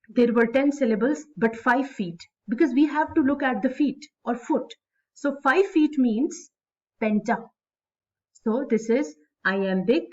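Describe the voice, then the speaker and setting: Slow, methodical woman teacher. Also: a little high, darkish tone. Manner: slow, repetitive, explaining step by step. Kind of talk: classroom lecture. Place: classroom. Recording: distant, muffled classroom recording.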